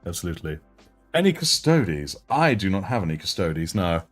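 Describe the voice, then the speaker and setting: A young British man with a deep voice, chatting in a relaxed, self-mocking way while he hosts a livestream. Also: fairly quick, soft background music. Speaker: livestream host and miniature painter. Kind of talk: casual livestream chat.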